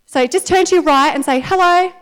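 A woman in her thirties with an Australian accent, giving a chatty, animated sermon to a congregation and often laughing. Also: high-pitched, fast. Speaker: church speaker. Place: church meeting in front of an audience.

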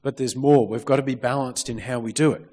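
In a church hall with a long, ringing reverb, a man with a mid-range voice delivers a brisk, lively sermon. He reads scripture aloud and calls on the congregation for amens.

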